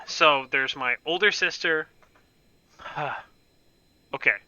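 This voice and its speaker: Bright, clear young man telling a rambling story. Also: on the high side, takes it slowly, dry recording, dull audio. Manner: rambling, profane, self-mocking. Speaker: gaming channel host. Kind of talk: casual storytelling.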